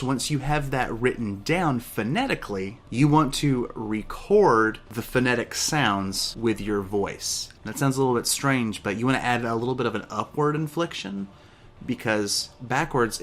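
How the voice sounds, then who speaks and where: A man's voice: mid-range voice, lively intonation, normal speed, a bit bright. A man hosting a casual how-to vlog in an upbeat, chatty way, joking about himself. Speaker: YouTube host. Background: music.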